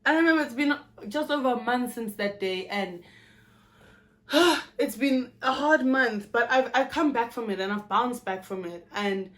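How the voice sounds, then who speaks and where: A South African woman in her twenties, talking frankly and with profanity in a candid personal vlog, telling her story in an animated way. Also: on the high side, a little slow. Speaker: YouTuber.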